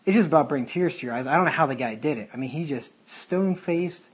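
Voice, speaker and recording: A man's voice: a little high, fast talker, slightly rough, rough recording. A man leading a casual Bible study, talking in a rambling, conversational way with many fillers and tangents. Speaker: Bible teacher.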